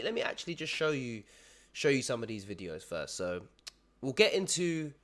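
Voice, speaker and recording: A man's voice: medium pitch, fairly bright tone. A young man giving casual reaction commentary, full of slang, tacking bro onto nearly every sentence.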